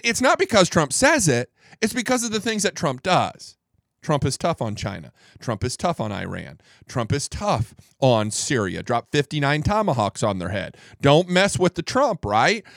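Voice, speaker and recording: A man with a fairly high voice hosts a commentary show and talks with wide, swinging pitch. He sounds incredulous and keeps restarting and repeating words for emphasis, recorded dry and close to the mic. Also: vocal fry, a bit bright, no echo. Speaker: podcast host. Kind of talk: political commentary.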